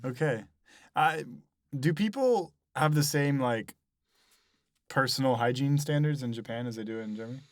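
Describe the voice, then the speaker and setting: A man's voice: mid-range voice, moderate pace, dry recording, clean studio sound. A young man from the United States co-hosting a comedy podcast, joking and mock-outraged. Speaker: co-host. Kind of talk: improvised comedy podcast chat.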